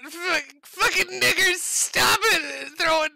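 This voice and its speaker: A man's voice: extremely high pitch, slow, gravelly, sharp tone, no room sound, pitched above the performer's own voice, exaggerated voice. A man putting on the voice of a young man throwing a screeching, profane tantrum.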